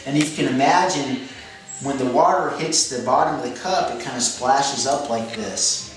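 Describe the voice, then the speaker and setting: A man's voice: mid-range voice, moderate pace. Methodical male coach in an echoey room. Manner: methodical, repeats key phrases, self-corrects. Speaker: fitness coach. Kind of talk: explaining a training method. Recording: echoey room, mic at a distance, music behind.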